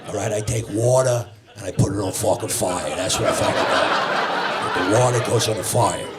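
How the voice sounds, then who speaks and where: A man's voice: lowish voice, brisk, heavy background noise, voice pushed down, close to an everyday voice. A man playing a brash firefighter dad. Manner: brash, crude, small-minded. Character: blunt Irish Catholic firefighter dad from Queens. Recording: live club with crowd laughter.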